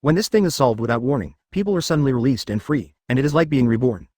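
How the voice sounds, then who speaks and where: A man's synthetic voice narrating a fan fiction story in a steady machine read. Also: mid-range voice, quick pace, no room sound.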